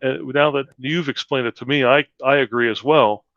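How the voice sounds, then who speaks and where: A man speaking up at a public meeting, halting and restarting often as he works through his objection. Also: medium pitch, fairly even intonation, a bit bright, highs cut off. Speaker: meeting participant.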